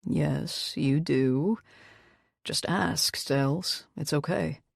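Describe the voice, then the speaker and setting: A woman voicing a troubled male rockstar who speaks softly in a subdued, confessional tone, in an audiobook. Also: steady tone, a little slow, vocal fry, no echo, clean studio sound, full character voice. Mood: gentle. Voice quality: soft, low and subdued. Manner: quiet, confessional. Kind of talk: audiobook character voice.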